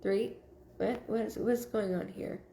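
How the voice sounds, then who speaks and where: A woman giving a live psychic reading, relaying messages in a halting way with many fillers. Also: medium pitch, steady tone, vocal fry, mellow, echoey room, a little hiss or hum. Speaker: psychic medium.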